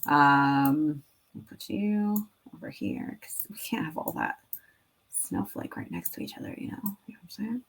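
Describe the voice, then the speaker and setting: A woman's voice: sits low, normal speed, vocal fry. A young woman making classroom activities, chatting casually to viewers and rambling as she thinks aloud, with filler words and the odd whisper. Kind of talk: casual work-with-me chat.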